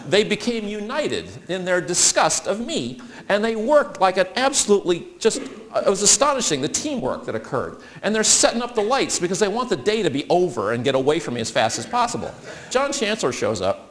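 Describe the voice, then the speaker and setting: A man's voice: sits high, big pitch swings, brisk, fairly bright tone. A man telling a funny story to an audience, acting out the voices of the people in it. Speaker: speaker.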